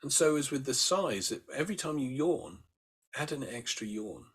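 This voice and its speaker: A soft-spoken man leading a relaxation class at an easy, unhurried pace. His voice sits in an ordinary middle pitch as he gently coaches breathing, stopping now and then to yawn or sigh as a demonstration. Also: sing-song, breathy edge. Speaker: meditation teacher. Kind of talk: guided breathing instruction.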